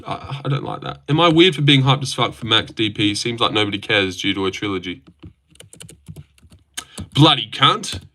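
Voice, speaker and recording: A young man hosts a casual livestream, talking straight to his chat. His voice is bright and forward, and his banter is crude, mocking and full of swearing. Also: fairly low pitch, fast, few pauses. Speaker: livestream host.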